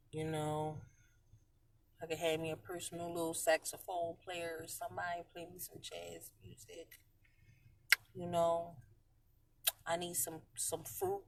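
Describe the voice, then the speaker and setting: Animated woman chatting in her car. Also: lowish voice, slow, pauses often, slight background noise. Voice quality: animated, slangy, swings between loud and quiet. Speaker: vlogger talking live to viewers. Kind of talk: casual live-stream chat. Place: inside her parked car.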